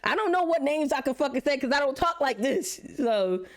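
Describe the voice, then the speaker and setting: A woman streamer talking casually over a reaction video, her pitch swinging widely as she tells stories. She swears freely and jumps between topics in a loose, chatty way. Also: a little fast. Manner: profane, animated storytelling with laughs. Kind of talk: casual live-stream chat.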